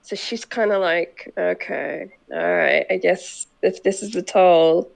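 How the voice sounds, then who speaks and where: A woman's voice: fairly low pitch, fairly even intonation, unhurried, gravelly, poor audio. A woman player in a tabletop game, casually describing her character and laughing and swearing as she goes.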